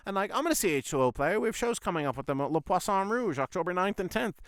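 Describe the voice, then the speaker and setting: A man's voice: high-pitched, lively intonation, fast talker, a bit bright, dry recording, studio quality. A man hosting his own podcast, telling a long personal story in a loose, rambling way, full of swearing and "I was like" retellings. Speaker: podcast host. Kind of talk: casual storytelling monologue.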